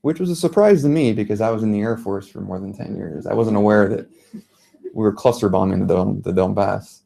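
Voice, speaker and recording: A man from the United States in his thirties giving an earnest public talk as a journalist, telling a story in a measured way. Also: lowish voice, gravelly, mellow. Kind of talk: public speech. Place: lecture venue.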